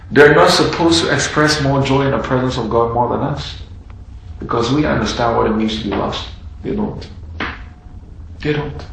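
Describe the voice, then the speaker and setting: A man preaching a sermon in a dramatic style, acting out the characters' words and swinging between loud, raised passages and hushed ones. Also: mid-range voice, vocal fry. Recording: heavy room echo.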